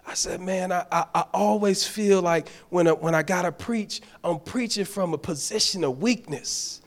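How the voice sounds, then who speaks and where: Gravelly fervent preaching deacon, man. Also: sits high, moderate pace. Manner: fervent, repeats words and stammers restarts. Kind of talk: sermon.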